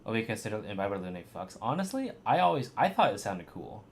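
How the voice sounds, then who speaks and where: A man streaming a game and commenting, ranting and swearing in an animated way. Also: on the low side, fast. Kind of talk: let's play commentary.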